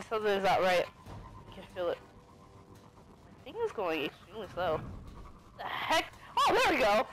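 A young woman giving excited gameplay commentary, often exclaiming and laughing as she plays. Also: on the high side, rough recording. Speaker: gaming video creator.

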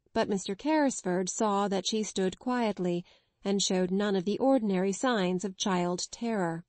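A woman narrating a classic children's novel in an even, clear storytelling read. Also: mid-range voice, dry recording. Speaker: audiobook narrator. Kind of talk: scripted narration.

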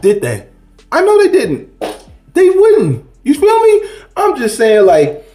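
A man's voice: sits high, darkish tone, roomy sound. A man giving a rambling, preachy spiritual monologue in a casual vlog, full of slang and restarts. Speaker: spiritual vlogger.

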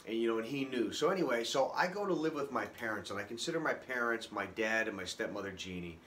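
A man telling his own life story unscripted, halting and emotional, with many restarts. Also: medium pitch, expressive, fairly bright tone, slight background noise. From Boston area, US. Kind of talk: personal testimony, unscripted.

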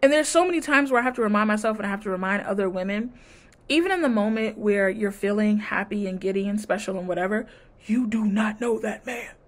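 A woman's voice: mid-range voice, quick pace. A woman reality-TV recap vlogger, sassy and blunt, mid-range voice. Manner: sassy, blunt, mimics cast members' lines. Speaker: TV review vlogger. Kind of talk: casual reality-show recap.

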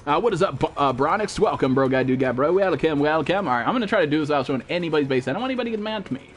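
A man's voice: a little high, animated, very fast. A young man streaming a game live, greeting viewers and joking in loose, profane, rambling talk. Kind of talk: live gameplay stream chat.

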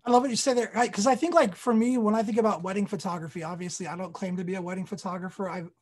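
A talkative host chatting over a video call in a relaxed, conversational manner. The host picks up on the guest's points before moving on to the next question. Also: medium pitch, racing. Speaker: host of a weekly live Q&A show. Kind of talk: casual interview questions.

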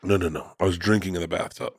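A man's voice: deep voice, fast talker, husky, no room sound. A middle-aged man, a guest comedian, telling rambling, profane anecdotes in casual conversation.

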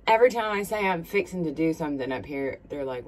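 Speaking low and briskly with hardly any pauses, a South Carolina woman in her thirties does her makeup on a smartphone recording. She's a beauty vlogger with a thick Southern accent, rambling warmly to viewers in get-ready-with-me style.

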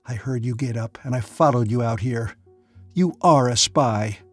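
Man doing angry young woman, choked voice, husky, audiobook. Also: medium pitch, moderate pace, faint music behind, lightly acted. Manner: choked, wrathful.

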